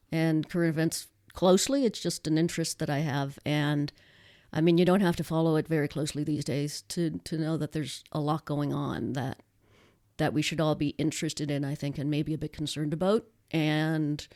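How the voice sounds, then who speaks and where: A woman's voice: low-pitched, warm tone. A woman with a Nova Scotian accent, co-hosting a podcast from home in a casual, chatty way with frequent restarts. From Canada. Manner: chatty, laughs easily, many restarts. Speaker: podcast co-host.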